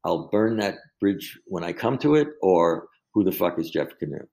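A man's voice: deep voice, expressive, moderate pace, creaky, dark tone, low-quality recording. An older man, a film director guest, telling rambling anecdotes in a casual interview. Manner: rambling anecdotes with acted quotes. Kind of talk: casual storytelling.

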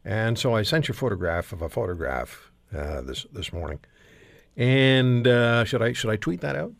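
A man's voice: lowish voice, sing-song, moderate pace, creaky, no room sound. An older man from Canada hosting a casual panel talk show, telling rambling, self-deprecating stories.

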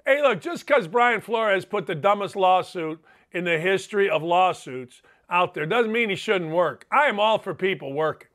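Man, sports talk host, sarcastic rant, swears freely, high voice, sharp edge. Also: lively intonation, moderate pace. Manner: ranting, profane and sarcastic. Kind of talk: opinionated podcast monologue.

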